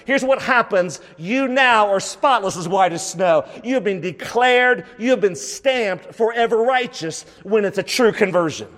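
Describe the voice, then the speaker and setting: A man's voice: high-pitched, animated, unhurried, hardly any pauses, fairly bright tone, big-room sound. A man preaching a sermon, emphatic and full of rhetorical questions, repeating phrases for stress.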